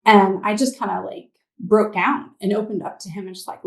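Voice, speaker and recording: A woman tells her own story to an interviewer in a candid, meandering way, leaning on fillers as she goes. Her voice sits at an ordinary middle pitch, and the room around her adds a noticeable echo. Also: moderate pace, creaky, hardly any pauses. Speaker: interview guest. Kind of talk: personal testimony in conversation.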